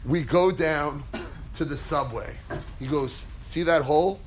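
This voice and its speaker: A man with a somewhat high voice gives a relaxed Torah class. He talks in a chatty, wandering way and breaks into laughter as he tells stories. A faint background noise sits under his voice. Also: measured pace. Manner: chatty, digressive, laughs while telling stories. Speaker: Torah teacher. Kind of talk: casual Torah class with storytelling.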